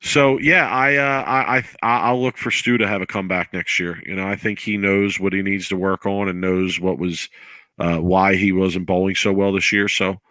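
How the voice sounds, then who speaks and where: A man's voice: low-pitched, steady tone, moderate pace, sharp tone, dry recording. A man co-hosting a podcast in casual chat, often stumbling and repeating words as he starts. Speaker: podcast co-host.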